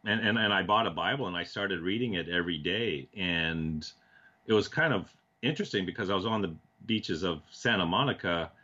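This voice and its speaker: A man from Canada, a TV producer, telling animated stories as an interview guest, acting out quoted dialogue with frequent restarts. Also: low-pitched, fairly quick, dull audio. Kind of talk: casual storytelling in a talk-show interview.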